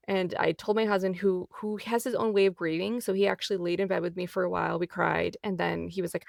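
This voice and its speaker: A woman in her thirties talks through a personal story on her solo podcast. She is candid and emotional, chatty and loose, dropping "like" and "y'all" as she goes. Her voice carries a gravelly edge, recorded close and dry. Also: medium pitch, quick pace, dry recording. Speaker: podcast host.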